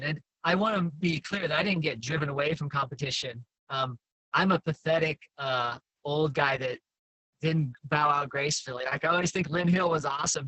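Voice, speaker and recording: A man's voice: fairly high pitch, fairly bright tone, no echo, poor audio. A man in his fifties chatting casually as an interview guest, telling stories in a chatty, self-deprecating way. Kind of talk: casual chat.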